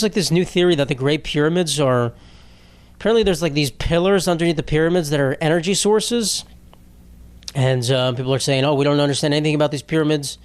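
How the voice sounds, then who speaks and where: High-ish profane man rambling solo. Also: no room sound. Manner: rambling, profane, puts on silly voices for asides. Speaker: podcast host. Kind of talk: solo comedic podcast rambling.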